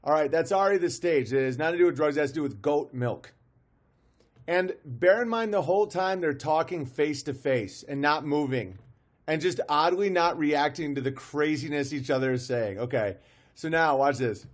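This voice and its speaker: A man's voice: a little high, normal speed. A man streaming live, commenting on a video with amused disbelief, often restarting his sentences. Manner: amused, incredulous, restarts and laughs.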